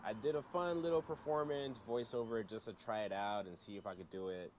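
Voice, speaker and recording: Brief: relaxed man, low-ish voice, casual intro, noisy backdrop. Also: a little fast. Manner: relaxed and informal. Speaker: author introducing his reading. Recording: noisy background.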